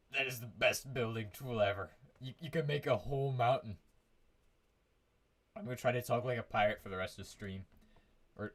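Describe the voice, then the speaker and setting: A man chatting his way through a live game stream from his room. He rambles, hums little tunes under his breath, and trips over his words as he goes, at an ordinary middle pitch. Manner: rambling, hums to himself, frequent restarts. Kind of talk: casual live gameplay commentary.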